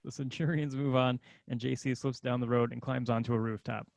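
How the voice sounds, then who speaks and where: Gravelly male narrator, dry close sound, reads scene directions plainly. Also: medium pitch, steady tone, fairly quick, darkish tone, dry recording. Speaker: narrator reading stage directions. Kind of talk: scripted screenplay narration.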